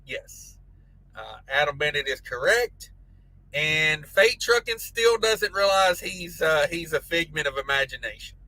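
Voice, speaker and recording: A man's voice: fairly high pitch, animated, a little slow, sharp tone, low-quality recording. A man hosting a casual trucking live stream, reading chat messages aloud with crude jokes and frequent laughter. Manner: crude joking banter, laughs often.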